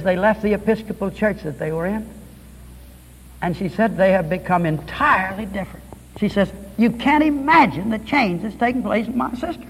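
Male radio preacher, high voice, storytelling sermon in a hall with long reverb. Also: a little hiss or hum. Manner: storytelling, quoting others, rising to fervent peaks. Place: church or hall with pulpit.

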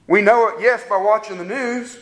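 A man preaching a sermon as a pastor, with rising emphatic peaks and slow, drawn-out stresses on key words. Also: high voice, reverberant, low-quality recording.

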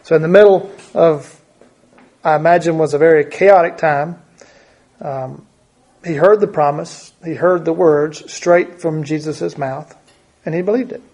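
A man's voice: on the high side, unhurried, a little mellow. A man preaching a conversational Bible teaching, thinking aloud and often repeating his words.

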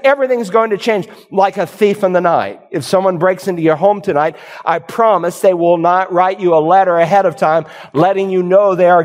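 A man preaching a sermon as pastor, animated and storytelling, sometimes acting out confused churchgoers. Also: sits high. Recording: long hall reverb.

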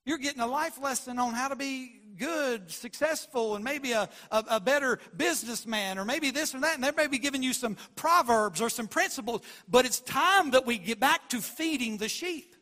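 Male pastor, sermon delivery, high voice, bright and forceful, swings from hushed to loud. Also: lively intonation, normal speed, hardly any pauses. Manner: passionate, shifts from quiet to loud.

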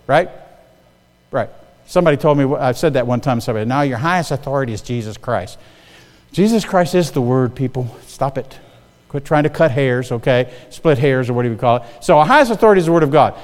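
A man's voice: on the high side, in a large hall. An older man preaching a sermon in a church, talking conversationally and often checking in with the congregation. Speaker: guest preacher.

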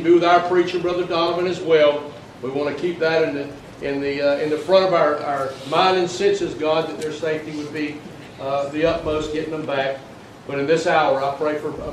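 A man leading a spoken prayer in church, halting and repeating "Lord" often. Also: fairly high pitch, a little hiss or hum. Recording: roomy, distant from the mic.

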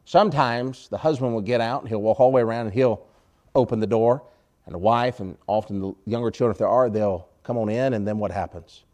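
A man's voice: mid-range voice, a little mellow. Man preaching a conversational sermon. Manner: conversational, rhetorical questions, wry sarcasm, volume swings. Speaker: pastor.

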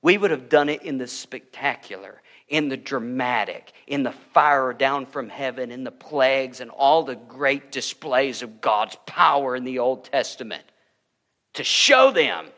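A man's voice: mid-range voice, unhurried, pushed and bright, in a large hall. A male pastor preaching an emphatic sermon in a church, building intensity with joking asides.

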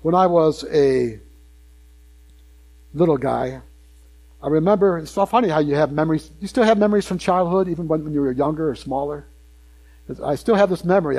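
Older man, preacher, higher-pitched voice, conversational sermon, repeats himself, questions the congregation. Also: a little mellow.

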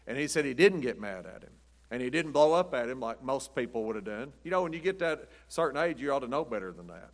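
A man's voice: mid-range voice, expressive, fast. A middle-aged man preaching a chatty sermon, telling rambling stories and laughing at his own jokes. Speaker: pastor. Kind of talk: folksy storytelling sermon.

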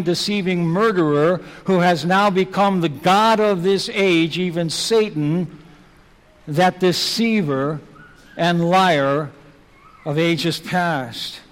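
Man preaching slow and emphatic, fairly high voice, long echo from a big hall. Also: steady tone. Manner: emphatic, rhetorical questioning. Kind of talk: sermon.

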